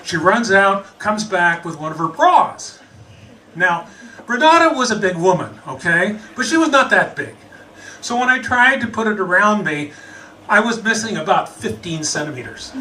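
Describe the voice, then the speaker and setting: A man from the United States telling a humorous personal story, animated and chuckling as he goes. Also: high-pitched, moderate pace, far from the mic, slight background noise, poor audio.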